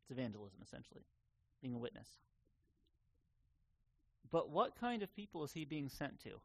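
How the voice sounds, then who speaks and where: A man preaching a sermon in an earnest, conversational way, sometimes pausing on fillers. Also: mid-range voice, sing-song, vocal fry, a bit bright. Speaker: pastor.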